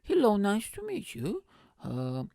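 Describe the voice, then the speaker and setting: A man impersonating a prim, gracious elderly queen in a high quavering falsetto. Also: wildly swooping pitch, slow pace, gravelly, mellow, dry recording, clean studio sound, heavily acted.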